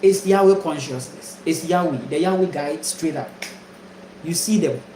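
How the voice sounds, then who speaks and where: A man's voice: a little high, moderate pace, dark tone, echoey room, slight background noise, poor audio. A man from Ghana preaching a spiritual monologue, emphatic and repetitive, full of rhetorical questions. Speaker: spiritual teacher.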